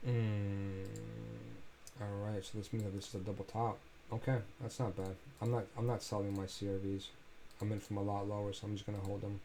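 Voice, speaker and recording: A man's voice: fairly low pitch, mellow, a little hiss or hum. A man casually talking through crypto price charts on a screen share, loose and chatty, thinking aloud with filler sounds and sounding a bit tired. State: tired, yawning.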